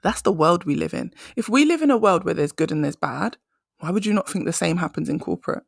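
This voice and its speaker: A woman's voice: fairly low pitch, lively intonation, fast talker, creaky, no room sound, studio quality. A young adult woman hosting a solo career-coaching podcast, telling stories with emphatic conversational energy.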